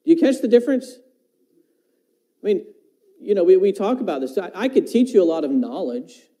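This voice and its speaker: Guy preaching a sermon, high-pitched, keeps quoting verses and asking if you see the difference. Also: big pitch swings, brisk, warm tone, low-quality recording. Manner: quotes scripture, asks the listeners questions; talks about teaching his own children.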